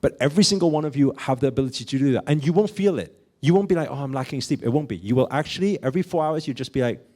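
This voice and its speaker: Animated man giving a motivational talk. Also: on the high side, very fast. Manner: animated, asks the audience many questions, acts out little dialogues; fills talk with "right?" and "okay?". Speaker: spiritual teacher.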